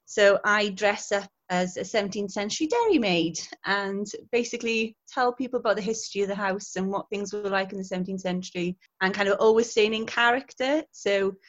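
A chatty woman tells her stories with a lively, laughing manner. Her voice sits at an ordinary middle pitch. The recording is dull and lo-fi. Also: fairly quick, hardly any pauses. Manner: chatty, laughs often, animated storytelling. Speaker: guest, historical interpreter. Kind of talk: casual interview chat.

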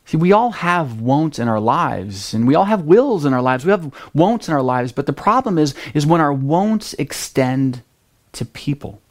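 Middle-aged pastor, chatty storyteller. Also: male voice, fairly high pitch, moderate pace. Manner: conversational storytelling, lively at dramatic moments. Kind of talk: sermon with a personal story.

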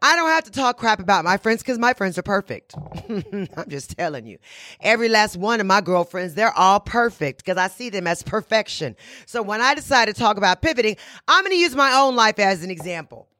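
A sassy, blunt woman hosts her own talk show, hammering points home by repeating lines and bragging on herself. Her voice is bright and forceful, recorded dry and close with no room around it. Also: medium pitch, lively intonation, fairly quick, no echo. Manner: sassy, emphatic, repeats phrases for punch; blunt, boastful self-talk. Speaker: podcast and radio host. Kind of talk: casual monologue.

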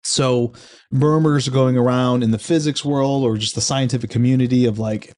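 A man's voice: mid-range voice, steady tone, fairly quick, a little mellow. A man casually reviewing a book, reflective and conversational, often restarting his sentences.

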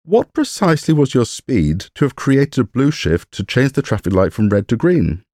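A man voices an incredulous male judge questioning a defendant, sounding very animated at a normal pace. The medium, slightly mellow pitch sits above his own natural voice yet stays close to everyday speech, and the studio recording is clean with no room sound.

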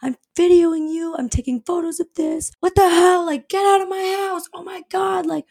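A woman's voice: fairly even intonation, moderate pace, gravelly. A woman voicing a furious neighbor woman who screams frantically at a stranger. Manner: shrill, frantic yelling.

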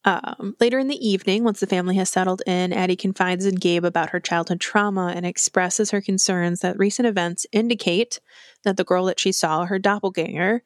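A woman's voice: lowish voice, no room sound, clean studio sound. A woman co-hosting a horror podcast, recapping the plot in casual chat, swearing freely and acting out characters' lines. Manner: animated, swears freely, acts out characters' lines in quick impressions.

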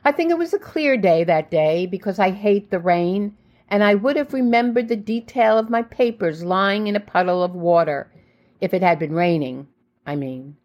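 A woman reading her own memoir in the first person, with measured, reflective storytelling. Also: mid-range voice, lively intonation, lo-fi sound. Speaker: memoir narrator.

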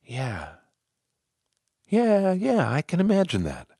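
Guy playing earnest uneasy male manager, eager questions, lively pitch, dry sound. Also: slow pace, slightly rough, dry recording, heavily acted. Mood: surprised.

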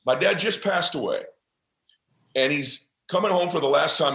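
A man's voice: medium pitch, fairly quick, fairly bright tone, reverberant, rough recording. Intense, passionate middle-aged man. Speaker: podcast guest. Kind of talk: motivational storytelling.

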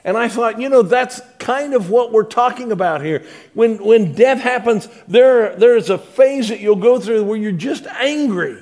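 A male pastor preaching in a conversational way, repeating words and swinging between soft, quiet passages and louder, emphatic ones. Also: high-pitched, normal speed, hardly any pauses. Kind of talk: sermon.

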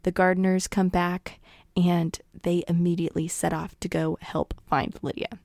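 Chatty lady retelling a story, lots of "like", gravelly fry, dry close sound. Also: on the low side, little pitch movement, normal speed, darkish tone, dry recording. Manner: chatty, full of "like" and "you guys". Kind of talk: casual retelling of a novel.

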